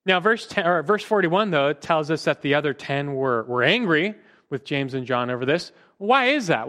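A man with a slightly high voice leads a Bible class. He speaks earnestly, stopping to put questions to the group and often repeating a word as he goes. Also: fairly bright tone. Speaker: Bible teacher.

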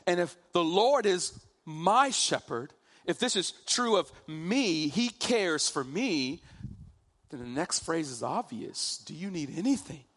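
Slow, emphatic male preacher. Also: on the high side, lively intonation, fairly bright tone. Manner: slow, emphatic preaching, drawing out key phrases. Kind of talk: sermon.

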